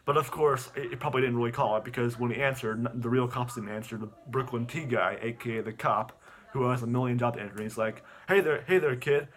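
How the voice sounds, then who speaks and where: A young man giving an animated plot recap, stammering and repeating words as he goes. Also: mid-range voice, fast. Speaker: online video host.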